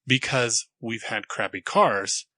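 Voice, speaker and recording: A man's voice: mid-range voice, animated, slow pace, pushed and bright, no echo. A man co-hosting a casual podcast, speaking thoughtfully and hedging his points. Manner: thoughtful, hedging, gives short agreements. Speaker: podcast co-host.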